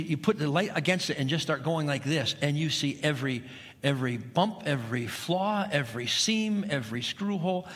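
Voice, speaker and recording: A middle-aged man preaching from a church pulpit, driving his points home with repetition and pointed questions. His voice is bright and a little high, and it rings out with a long hall reverb. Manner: emphatic preaching with repeated phrases and rhetorical questions. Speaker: pastor. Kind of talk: sermon. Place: church sanctuary.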